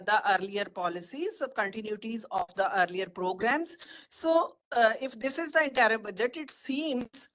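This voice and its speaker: A woman with an Indian English accent giving a formal webinar presentation over a video call, listing points in a measured way with frequent fillers. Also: fairly high pitch, a bit bright, low-quality recording. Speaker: webinar speaker, economist.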